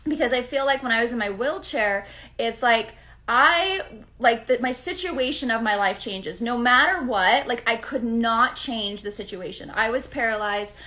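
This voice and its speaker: A woman's voice: fairly high pitch, normal speed, sharp tone. A woman astrologer chatting casually on a live stream, greeting viewers by name and often checking in with her audience.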